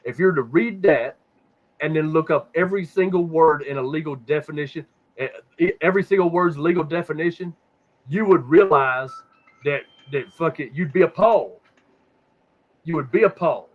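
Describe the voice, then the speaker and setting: A man's voice: fairly high pitch, moderate pace. A man hosting a casual podcast, rambling and swearing a lot, often repeating words as he hunts for the next thought. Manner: profane, rambling, repeats words when stuck. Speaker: podcast host. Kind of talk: casual conspiracy talk. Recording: dull lo-fi sound.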